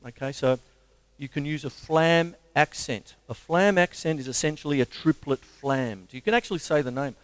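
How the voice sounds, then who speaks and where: A middle-aged Australian man giving a casual drum lesson, counting beats aloud between loud drum playing. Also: fairly high pitch, brisk, loud music behind the voice. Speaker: drum teacher. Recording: drum kit loud behind voice.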